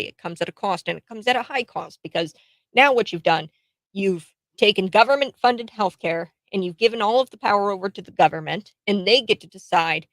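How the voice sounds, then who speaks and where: A woman's voice: mid-range voice, fairly bright tone, dry recording. A woman hosting political commentary, retelling a news story in a casual, indignant and sarcastic way, with many fillers and restarts.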